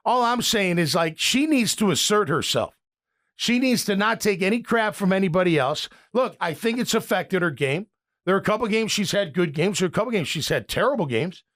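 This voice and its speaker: A man's voice: high voice, expressive, a little fast, a bit bright. A middle-aged American man hosting sports talk radio, rambling and opinionated with frequent restarts.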